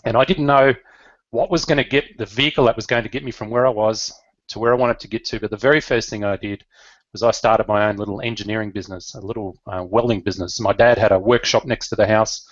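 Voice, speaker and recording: A man's voice: lowish voice, steady tone, fast talker, no room sound, lo-fi sound. A middle-aged Australian man telling his life story in an earnest, emotional way, with fillers and restarts. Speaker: business leader.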